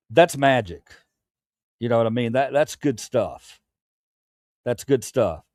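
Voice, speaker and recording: A man's voice: mid-range voice, a little mellow, dry recording, studio quality. A grown man hosting his own late-night livestream, chatting candidly with viewers, rambling and stammering through restarts with casual swearing. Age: adult, past his youth. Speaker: livestream host.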